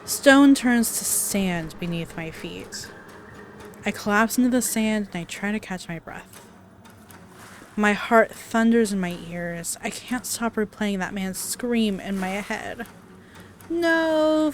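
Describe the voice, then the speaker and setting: A woman plays a visual novel as a let's play, reading the story aloud with dramatic narration broken by chatty asides and laughs. Her voice is medium-pitched and she takes it slowly, with slight background noise.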